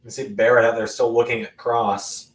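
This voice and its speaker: A man hosting a live watch-along of a wrestling event, reacting with sudden loud exclamations between casual remarks. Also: medium pitch, normal speed, recorded from a distance. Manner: excitable, bursts into loud exclamations. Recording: roomy echo, voice off-mic.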